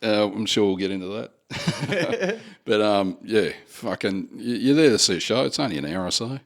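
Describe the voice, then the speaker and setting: A man's voice: on the low side, big pitch swings, moderate pace. A man with an Australian accent, a guest on a casual podcast, talking bluntly and swearing as he grumbles. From Western Australia.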